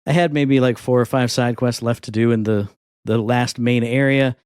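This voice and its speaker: A man's voice: mid-range voice, normal speed, clear, resonant tone, no room sound, clean studio sound. Rambling man telling stories on a podcast. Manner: rambling, animated storytelling with voiced asides. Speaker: podcast co-host. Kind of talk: casual chat.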